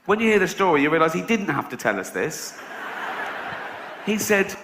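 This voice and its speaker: Middle-aged comic doing stand-up, sardonic and sweary, lively pitch, echoey theatre with crowd laughing. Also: male voice, moderate pace, long pauses, background noise. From England. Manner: sardonic, swearing, acts out characters. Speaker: stand-up comedian. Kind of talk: stand-up comedy routine. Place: large theatre with a live audience.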